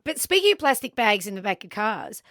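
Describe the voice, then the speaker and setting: An Australian woman co-hosting a podcast, telling a story in an animated way with lots of ums and acted-out voices. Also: mid-range voice, brisk, dry recording, studio quality. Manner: animated, acts out the people in her story, frequent ums. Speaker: podcast co-host. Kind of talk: casual storytelling chat.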